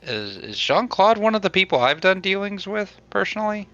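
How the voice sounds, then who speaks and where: A man's voice: high voice, sing-song, moderate pace, bright, forceful tone, dry recording, highs cut off, soft background music. A man playing in a tabletop game, asking questions and joking casually. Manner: inquisitive, joking. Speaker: player.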